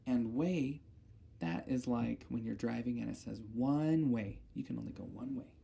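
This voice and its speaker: Slow, gravelly-voiced woman speech therapist. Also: extremely low pitch, mellow. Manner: slow, carefully enunciated target words; patient, encouraging teacher tone. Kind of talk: auditory discrimination lesson for children.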